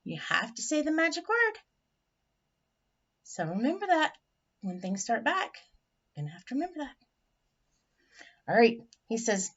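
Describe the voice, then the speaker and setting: A woman teacher reading a picture book aloud to children, animated and chatty, with friendly asides. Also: sits high, moderate pace, pauses often. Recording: dull lo-fi recording.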